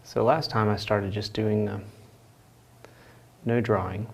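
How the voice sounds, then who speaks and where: A man hosting a live painting stream, chatting casually and telling loose, rambling stories in a relaxed way. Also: on the low side, slow, vocal fry, slight background noise. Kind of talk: casual chat while painting. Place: art studio.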